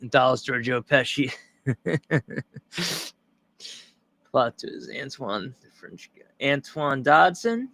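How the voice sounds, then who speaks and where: A man's voice: mid-range voice, slow pace, creaky, pauses often, a bit bright, dry recording. A man from Long Island rambling through a profane livestream reaction at home, restarting sentences as he goes. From Long Island, New York. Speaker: streamer reacting to a news clip. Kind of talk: casual livestream commentary.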